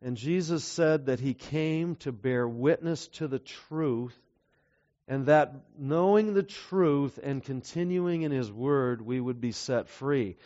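A man's voice: medium pitch, slow pace, dark tone. A man preaching a sermon in an earnest way, often asking the audience to agree with him. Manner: earnest, asks the audience to affirm. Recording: dull lo-fi recording.

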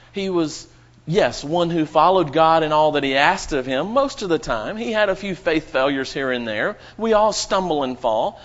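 A man's voice: a little high, muffled recording. A man preaching a sermon to his congregation, with dramatic rising and falling emphasis.

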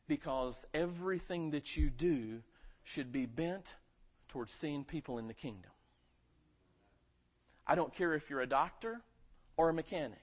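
A North Carolina pastor with a light Southern accent preaches in a chatty, personal way, often checking in with listeners and calling for amens. His voice is slightly higher than most men's, with lively intonation, normal speed, and long pauses. The sermon recording sounds somewhat muffled and lo-fi.

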